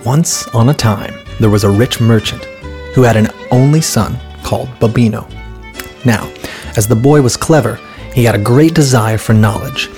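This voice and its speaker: A man reading a fairy tale aloud in a calm, steady storybook narration, with light voices for the characters. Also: mid-range voice, moderate pace, soft background music.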